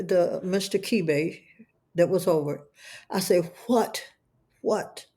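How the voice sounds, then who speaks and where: A woman's voice: mid-range voice, creaky, a little mellow. A middle-aged woman telling an emotional testimony as an interview guest, speaking in a fervent, preacher-like way and often repeating words. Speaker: guest, entrepreneur.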